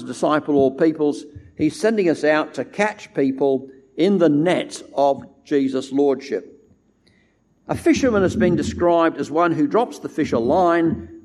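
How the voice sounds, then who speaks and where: A man's voice: a little high, darkish tone. Emphatic preacher, man. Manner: measured, emphatic delivery stressing key words. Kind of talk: sermon. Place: church.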